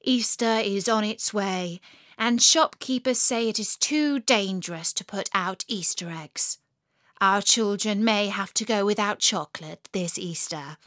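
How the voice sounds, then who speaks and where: A woman's voice: mid-range voice, a little slow, fairly bright tone, dry recording, studio quality, close to an everyday voice. A woman reading the lines of a TV news reporter in a formal, announcing way. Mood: grave. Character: calm television news reporter. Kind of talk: storybook reading.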